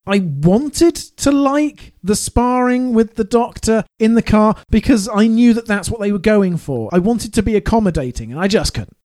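A man's voice: high voice, normal speed, hardly any pauses, darkish tone. A man co-hosting a podcast in casual chat, wry and often laughing. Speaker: podcast co-host.

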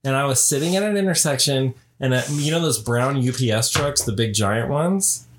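A man's voice: medium pitch, moderate pace, slight background noise. A middle-aged man co-hosting a podcast in casual chat, telling stories animatedly with many "like"s and "you know"s. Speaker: podcast co-host.

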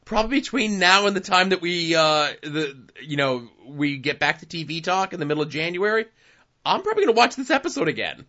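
Bright-voiced podcast host. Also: male voice, a little high, sing-song, fairly quick. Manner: rambling, many fillers, wraps up the show. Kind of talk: casual chat. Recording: dull lo-fi sound.

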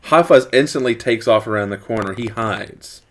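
A man in casual chat, retelling a horror movie plot in a rambling, animated way. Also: mid-range voice, normal speed. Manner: rambling, animated storytelling with acted quotes.

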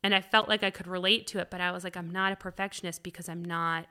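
A woman's voice: fairly low pitch, steady tone, quick pace, bright, forceful tone, clean tone. A woman in her thirties co-hosting a podcast, talking candidly in a rambling way full of "like" and "um". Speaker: podcast co-host. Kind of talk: candid conversational chat.

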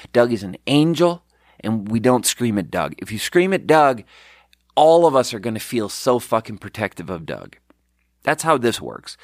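A man's voice: mid-range voice, no room sound, studio quality. Rambling, profane man telling a story. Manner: rambling, profane, with restarts and quoted dialogue. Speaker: podcast host, restaurant manager. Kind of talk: casual storytelling chat.

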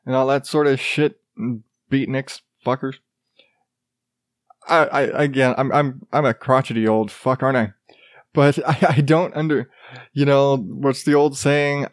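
A man's voice: mid-range voice, fairly even intonation, measured pace, dry recording, clean studio sound. A middle-aged man hosting a show, ranting crudely in casual monologue and laughing at his own jokes. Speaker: podcast host.

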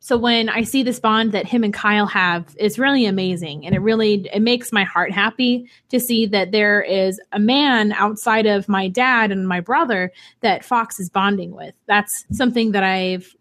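A woman's voice: medium pitch, normal speed, hardly any pauses. Chatty young woman telling stories. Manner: chatty, animated storyteller with laughs. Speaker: podcast co-host, single mom. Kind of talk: casual chat.

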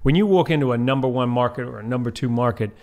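A man's voice: medium pitch, fast talker, a little mellow. A man hosting an interview who asks curious follow-up questions.

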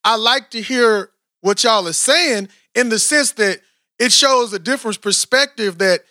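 Guy in his 40s, rambly slangy podcast chat, bright high voice. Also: a little slow, dry recording, studio quality. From Texas, USA. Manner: animated, rambling, slangy, frequent "you know what I'm saying". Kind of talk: casual chat.

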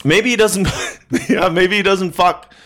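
A man's voice: high voice, steady tone, slow pace, a bit bright. A man co-hosting a comedy podcast, joking and riffing crudely in casual chat. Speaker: podcast co-host.

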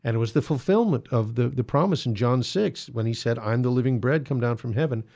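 Man, gravelly voice, middle pitch, conversational church-teaching talk, fillers. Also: fairly quick, dark tone. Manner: conversational, frequent fillers and restarts. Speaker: Catholic apologetics host. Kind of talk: casual explanatory monologue.

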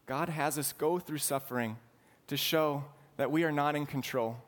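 A man's voice: a little high, fairly even intonation, normal speed. A man preaching a sermon, explaining scripture in an earnest, teaching manner. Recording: long hall reverb.

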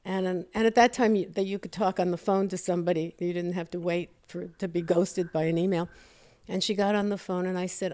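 A woman's voice: fairly low pitch, steady tone, moderate pace, a little mellow. A woman comedy writer as an interview guest, telling anecdotes in a wry, self-deprecating way. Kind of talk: casual interview chat, storytelling.

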